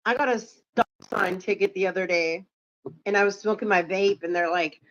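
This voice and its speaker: A woman's voice: medium pitch, fairly quick, a bit bright, dry recording. Woman, streamer, loose rambling chat, dull lo-fi sound. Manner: rambling, heavy use of "like". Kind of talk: casual chat.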